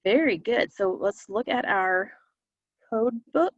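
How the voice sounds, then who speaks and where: A woman teacher leading a phonics lesson for young children, modeling words slowly and deliberately. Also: a little high, expressive, no echo, highs cut off. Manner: slow, deliberate word-by-word modeling.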